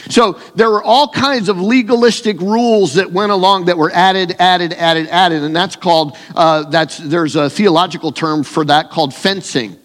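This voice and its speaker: A pastor talks his congregation through scripture in an easy conversational sermon, often stopping to restart a thought. His voice sits a touch high for a man. A long hall reverb trails each phrase. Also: normal speed, few pauses, fairly bright tone. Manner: conversational preaching with fillers and restarts.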